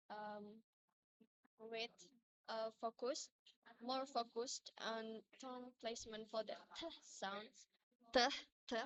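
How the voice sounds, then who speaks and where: A woman's voice: fairly high pitch, pushed and bright, low-quality recording. A young female student hesitantly talking about improving her pronunciation. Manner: hesitant, with fillers and self-corrections. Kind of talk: self-assessment talk.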